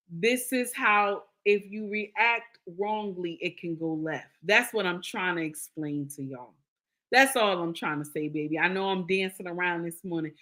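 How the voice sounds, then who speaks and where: Reading comments from her viewers, this live-stream host dispenses casual marriage advice in a bright, forceful voice pitched in the middle range. She keeps circling back to her points, asks "okay?" to check in, and addresses people as "baby."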